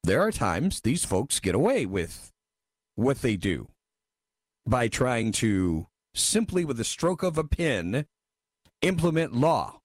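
A man's voice: medium pitch, big pitch swings, slow, no echo. A man hosting a talk radio show, reading listener messages and giving wry, emphatic commentary into a studio microphone.

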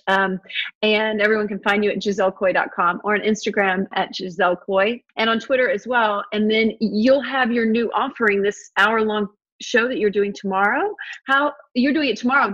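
A woman's voice: medium pitch, fairly bright tone, muffled recording. A woman hosting a podcast, chatting casually and effusively, with lots of fillers and frequent laughter. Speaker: podcast host.

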